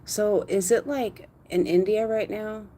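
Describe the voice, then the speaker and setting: Woman, casual live stream, outdoors at night, phone mic, cooing at her dog, mid-pitched voice. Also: fairly even intonation, measured pace, dark tone. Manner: chatty, coos at her dog in a high sing-song.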